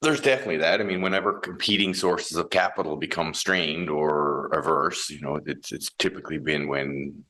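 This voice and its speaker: A man's voice: very deep voice, normal speed, hardly any pauses, bright, forceful tone. A man who heads a mining company, explaining his ideas in a thoughtful interview with many restarts and fillers. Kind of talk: conversational interview.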